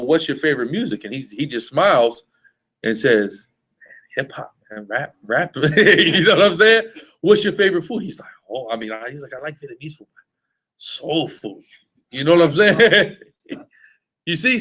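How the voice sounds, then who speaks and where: A man's voice: mid-range voice, fairly bright tone, poor audio. A man teaching in a loose, emphatic preaching style, often stopping to ask whether his listeners follow him. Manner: emphatic, repetitive, asks "you see what I'm saying?". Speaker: street preacher teaching a group. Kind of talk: informal religious teaching.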